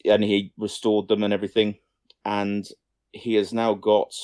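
Rambling low-voiced podcast guy. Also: a little mellow, no echo, clean studio sound. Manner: rambling, swears casually, trails off and restarts sentences. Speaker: podcast co-host. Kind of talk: casual film-news chat.

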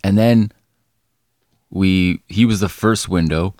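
A man's voice: low-pitched, takes it slowly, darkish tone, no room sound, studio quality. A man co-hosting a podcast, telling a story in casual chat, rambling and laughing often, swearing freely. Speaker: podcast co-host.

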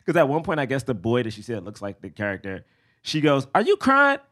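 A man's voice: medium pitch, lively intonation, quick pace. A young man co-hosting a podcast, chatting casually and animatedly, laughing often. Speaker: podcast co-host. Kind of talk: casual chat.

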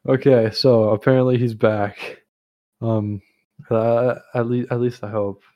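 A man's voice: mid-range voice, little pitch movement, a little slow, lo-fi sound. A young man hosting a casual chat, rambling with lots of fillers and restarts. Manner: rambling, full of fillers and self-corrections. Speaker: host.

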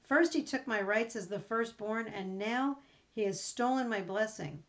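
A woman's voice: a little high, measured pace, a bit bright. A woman reading the part of a desperate grown son who begs his father, in a raised, pleading voice. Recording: dull lo-fi recording.

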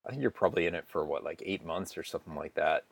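A man's voice: low-pitched, quick pace, gravelly, no echo. A man hosting an interview in a loose, rambling way, with plenty of fillers. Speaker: interview host. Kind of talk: casual interview chat.

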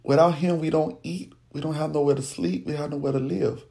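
A man slowly recounting a painful childhood memory as personal storytelling, speaking. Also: a little high, fairly even intonation, creaky, warm tone. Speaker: podcast host telling his life story.

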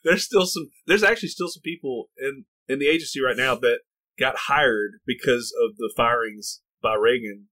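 A man's voice: medium pitch, moderate pace, pushed and bright. A man co-hosting a podcast in casual chat, ranting and laughing often. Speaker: podcast co-host.

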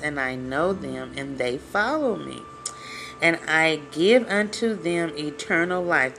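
A woman's voice: lowish voice, noisy background. A woman leading a Bible study, reading scripture aloud and preaching with fervor, repeating phrases and calling out to her listeners. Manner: fervent, repeats phrases, addresses listeners directly.

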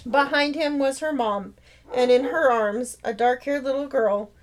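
A woman author narrating her own novel in a steady, expressive read-aloud. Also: high-pitched, unhurried, a little hiss or hum, rough recording. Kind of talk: storytelling narration.

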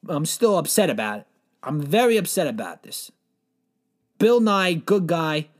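Man, slightly higher voice, deadpan rambling comic storyteller who swears and acts out frantic quotes. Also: unhurried. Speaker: comedic storyteller. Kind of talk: absurd improvised comedy monologue.

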